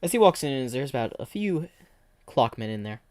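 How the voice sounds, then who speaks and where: A man's voice: mid-range voice, big pitch swings, normal speed, darkish tone, dry recording, studio quality. A man streaming and narrating an improvised fan story, rambling and restarting sentences.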